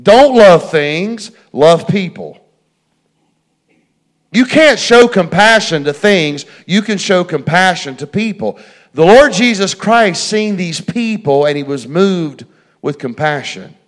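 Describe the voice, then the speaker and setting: A man's voice: sits high, lively intonation, slow. A middle-aged man preaching a folksy sermon, repeating phrases and talking straight to his congregation. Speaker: pastor.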